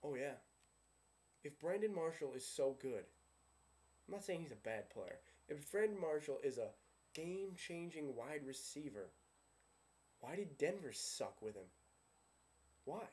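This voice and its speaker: Dark-voiced sarcastic man, football fan rant. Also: on the high side, big pitch swings, a little slow, pauses often. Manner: sarcastic, ranting, keeps asking himself questions. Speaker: sports vlogger.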